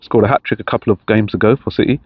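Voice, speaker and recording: A man's voice: fairly low pitch, steady tone, very fast. A middle-aged man chatting casually outdoors in a park, rambling with many restarts. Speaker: vlogger. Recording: dull lo-fi sound with faint noise.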